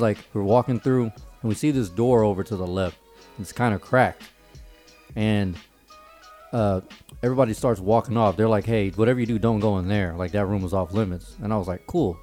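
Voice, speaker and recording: Low-voiced man swearing through a story. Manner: loose, profane, joking. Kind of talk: casual storytelling chat.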